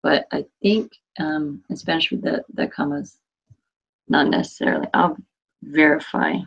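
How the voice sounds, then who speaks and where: A woman's voice: low-pitched, normal speed, gravelly, breathy edge, muffled recording. A woman teaching a Spanish class online, patiently correcting her students by name. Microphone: computer mic on a video call.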